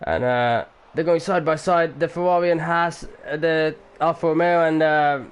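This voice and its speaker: A man doing amateur commentary on a sim race at home, excitable at times, swearing now and then, and keeping his voice down for the neighbours. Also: fairly high pitch, moderate pace, smooth. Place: home room.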